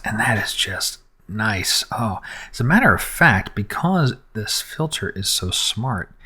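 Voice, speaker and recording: A man with a fairly low voice talks through an unscripted photo edit as he works. He thinks aloud, narrating each click and adjustment. He pauses with fillers as he decides. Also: fairly bright tone. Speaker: photographer teaching photo editing. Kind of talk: unscripted live screen-recorded editing tutorial.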